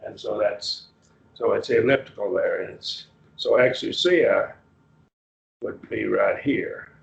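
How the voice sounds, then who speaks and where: A lowish male voice with vocal fry leads a Bible class on a Greek text in a church classroom, walking through it slowly, quizzing the students and frequently starting over. The class recording is muffled and roomy.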